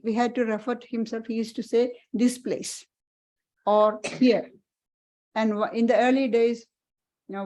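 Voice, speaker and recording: Woman, monastic teacher, earnest halting talk, slightly high mellow voice. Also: rough recording. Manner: earnest, halting, repeats and restarts phrases. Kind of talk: spiritual parlour talk.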